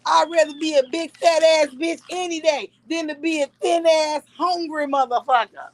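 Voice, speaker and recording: A woman's voice: high voice, fairly even intonation, moderate pace, no echo. A woman live streamer ranting and taunting in brash, profane trash talk.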